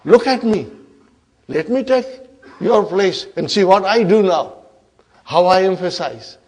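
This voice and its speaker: A man's voice: on the high side, lively intonation, a little slow, breathy edge. A man teaching a class voices a boastful, bossy grammar particle who scolds a rival and brags about the change it makes. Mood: boastful, scornful. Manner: scolding, showing off.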